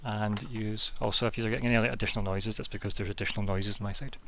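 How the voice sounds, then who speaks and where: A man's voice: on the low side, fairly even intonation, fast, vocal fry, pushed and bright, slight background noise. A man narrating as game master of an online tabletop game in a loose, rambling way full of fillers. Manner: casual, rambling, lots of fillers. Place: home, online voice call.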